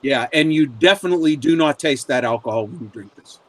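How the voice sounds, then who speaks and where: A man with a somewhat high voice who chats casually while tasting a beer. He weighs his words in a relaxed, thoughtful way. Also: brisk, no echo, rough recording.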